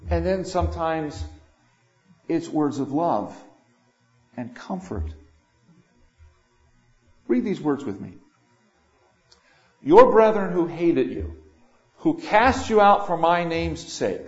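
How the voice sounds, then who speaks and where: An older man preaching a sermon, swinging between loud emphatic lines and quiet asides. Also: a little high, big pitch swings, slow, long pauses. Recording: echoey room, dull lo-fi sound.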